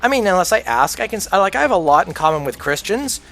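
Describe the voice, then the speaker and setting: A man's voice: high voice, big pitch swings, quick pace, vocal fry, fairly bright tone. A man livestreaming a game, ranting casually in a blunt, profane, opinionated way. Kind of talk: casual rant while gaming.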